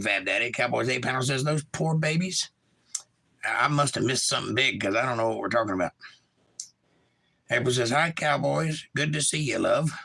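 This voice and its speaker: Gravelly Georgia-accented male streamer. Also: medium pitch, bright, forceful tone, poor audio. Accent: Georgia, US South. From Georgia, USA. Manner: laid-back, reads chat messages aloud and replies. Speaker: livestream host. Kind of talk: casual livestream chat, reading comments aloud.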